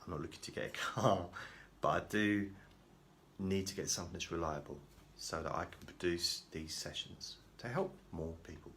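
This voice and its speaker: A man with a low voice talks to camera in a loose, rambling monologue. He is self-deprecating and often stops to restart his sentences. A faint background hum sits under his voice. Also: normal speed, fairly bright tone. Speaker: vlogger.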